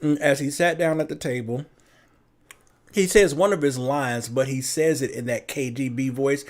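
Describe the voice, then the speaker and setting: A man's voice: mid-range voice, normal speed. A man chatting casually on a live stream, telling stories with animation and putting on voices. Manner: animated storyteller, puts on voices. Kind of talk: casual chat.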